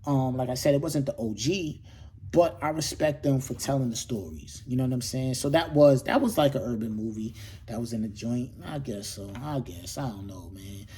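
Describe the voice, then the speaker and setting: A man's voice: medium pitch, moderate pace, dark tone, husky. A middle-aged man hosting his own show, talking casually and animatedly, with lots of slang, rhetorical questions and repetition. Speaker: host. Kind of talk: casual monologue to camera.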